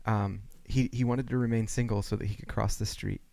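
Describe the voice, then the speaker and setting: A man in his thirties co-hosting a podcast, relaxed and reflective, thinking aloud with fillers. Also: lowish voice, a little fast, vocal fry, no room sound. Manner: easygoing, reflective, lots of fillers. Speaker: podcast co-host. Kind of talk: casual chat.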